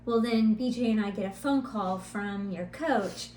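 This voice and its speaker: A middle-aged woman co-hosting a podcast, telling a family story in a lively, animated way and laughing now and then. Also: medium pitch, unhurried. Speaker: podcast co-host, mother. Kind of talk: casual storytelling chat. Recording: roomy echo, faint hum.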